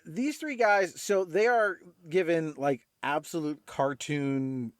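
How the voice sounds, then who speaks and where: A man's voice: on the high side, slow pace, no room sound. Chatty man from California, dry sound. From Laguna Beach, California. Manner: chatty, full of "like" and "uh" fillers. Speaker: podcast co-host. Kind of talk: casual film discussion.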